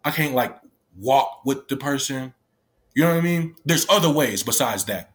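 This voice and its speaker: In a casual, emotional story told to camera, a man with a mid-range, expressive voice speaks at normal speed. He's tearful and rambling, full of fillers like "like" and "right?", and he swears freely.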